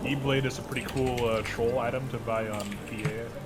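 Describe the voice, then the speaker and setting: A man's voice: mid-range voice, fairly even intonation, brisk. A man chatting casually as a teammate during a game, bantering and laughing at his friend's plays. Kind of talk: casual gaming chat.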